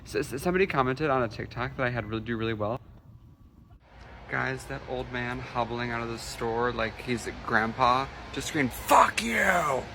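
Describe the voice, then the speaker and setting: Against a noisy background, a male vlogger in his twenties talks openly to his phone camera on the go, in his car and at stores, cursing and switching between jokes and gripes in a medium-pitched voice.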